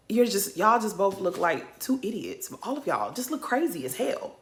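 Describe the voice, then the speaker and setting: A woman's voice: mid-range voice, very animated, moderate pace, few pauses. A woman giving casual reaction commentary, blunt and sassy, laughing as she rants. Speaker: reality TV commentator.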